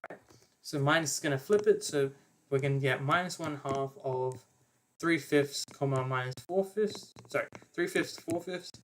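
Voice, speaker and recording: A young man with a slightly high voice runs an online maths revision lecture. He works through problems step by step in a relaxed, casual way. He stops often for fillers and quick self-corrections. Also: slight background noise. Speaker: maths tutor.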